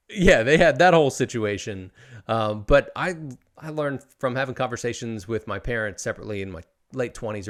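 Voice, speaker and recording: A man in his thirties hosts a casual podcast chat with a low-pitched voice. He talks loosely and rambles, and he swears freely as he thinks out loud. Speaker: podcast host. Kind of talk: casual conversational interview.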